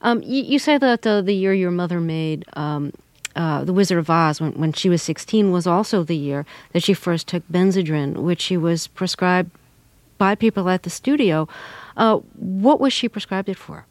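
A woman hosts a broadcast interview, putting her questions in a halting way with small stumbles and ums. Her voice is somewhat low, and the sound is dry and close. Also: animated, darkish tone, no echo. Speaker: interview host.

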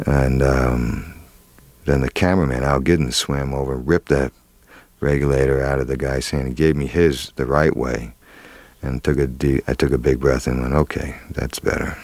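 Very deep-voiced man telling a story. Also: steady tone, normal speed, a little mellow, no echo. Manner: rambling, many fillers and restarts. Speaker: actor guest. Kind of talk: interview storytelling.

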